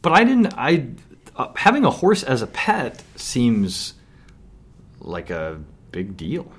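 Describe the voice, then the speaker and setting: A man co-hosting a relaxed talk show, talking in an animated, ranting way. His pitch swings widely as he gets fired up. He is from Minnesota. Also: slow pace, breathy edge. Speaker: podcast co-host. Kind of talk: casual chat.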